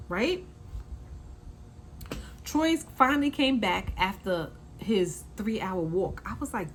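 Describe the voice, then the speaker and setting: A woman hosting a casual recap, talking in an animated way, repeating her points and acting out quotes. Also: mid-range voice, slow, long pauses, a little hiss or hum, rough recording. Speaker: reality TV recap host.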